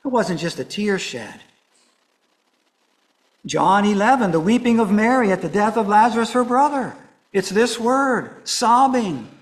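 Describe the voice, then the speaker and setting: A man preaching a sermon, walking through a scripture passage verse by verse, dropping to soft hushed lines and rising to emphatic ones. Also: high voice, expressive, a little slow, rough recording.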